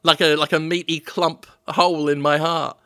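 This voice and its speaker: A man with a high, bright voice trading silly riffs on a podcast. He spins out absurd bits in loose, casual banter. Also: level tone, moderate pace, smooth, no echo, clean studio sound. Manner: joking, riffs on absurd ideas. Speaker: podcast co-host.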